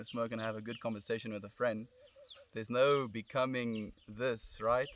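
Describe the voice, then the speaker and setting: Outdoors in the sun under a tree, a young South African man with a South African accent uses his phone to live-stream, speaking in a mid-range voice. He's relaxed and reflective, answering comments kindly and calling viewers "friend," with slight background noise behind him.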